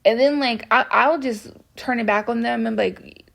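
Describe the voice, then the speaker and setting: A soft-spoken young woman with a bubbly manner, rambling through a casual storytime with lots of fillers. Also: a little high, moderate pace, creaky. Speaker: vlogger.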